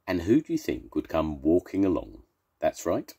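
An older man, a grandfather, reading a children's story aloud in a playful, animated way. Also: deep voice, normal speed, breathy edge.

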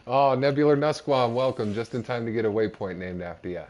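A man's voice: medium pitch, steady tone, moderate pace, long pauses, a little mellow. Chatty male game streamer. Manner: chatty, upbeat, talks to chat while playing. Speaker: streamer playing a space exploration game. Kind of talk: casual live-stream chat.

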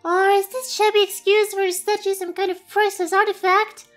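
Paimon, a squeaky fairy sidekick. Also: female voice, flat delivery, fairly quick, fairly bright tone, faint music behind. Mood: fretful. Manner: chatty, squeaky, refers to herself by name. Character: tiny chirpy floating fairy companion girl.

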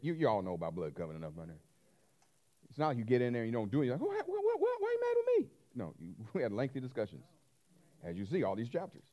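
Male pastor mid-sermon, lively and expressive, drops to near-whispers then booms, quizzes his listeners. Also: dull audio. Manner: animated, swings from loud to hushed, call-and-response questions.

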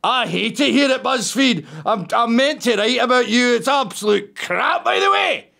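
A man putting on a high, whiny voice for a grumbling young male office reporter. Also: lively intonation, normal speed, creaky, pushed and bright, full character voice. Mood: griping.

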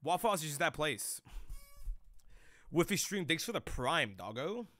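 A man's voice: on the high side, big pitch swings, moderate pace, fairly bright tone, no echo. A young man streaming live, chatting loosely with chat in rambling, profane slang.

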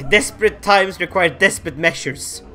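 A man narrating a strategy game playthrough, excitable and theatrical, laughing and bursting into shouts. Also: high voice, a little slow, soft background music. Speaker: gaming YouTuber. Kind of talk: Let's Play commentary.

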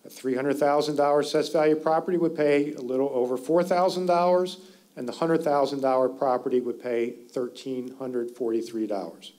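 A man presenting school district finance figures at a public community forum, in a steady explanatory way that stresses key words. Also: medium pitch, a little fast. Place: school meeting hall.

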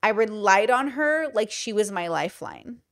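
A woman's voice: mid-range voice, expressive, normal speed. A woman in her thirties hosting a podcast, telling stories in casual chat and acting out what people said, with lots of fillers. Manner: chatty storytelling, acts out quoted lines, many fillers. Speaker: podcast host.

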